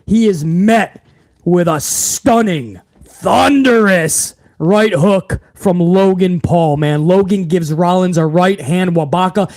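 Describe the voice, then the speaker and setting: A man from New England hosts a live wrestling review in a casual, excitable way, heavy on swearing and slang. His voice sits high and swings widely up and down. He talks like a fan chatting with friends.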